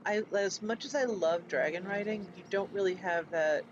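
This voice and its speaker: High-voiced man streaming a game. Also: moderate pace, dull audio, noisy background. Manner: chatty, self-mocking asides. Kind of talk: casual gameplay commentary.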